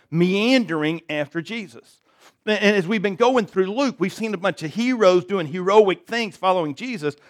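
A man's voice: sits high, a bit bright. A man preaching a sermon to a church congregation, conversational and self-deprecating, often checking in with "right?". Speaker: pastor. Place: church service before a congregation.

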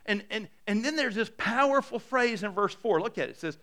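A middle-aged man preaching a sermon as a pastor, animated and self-deprecating, swinging between hushed and loud. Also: sits high, a little fast.

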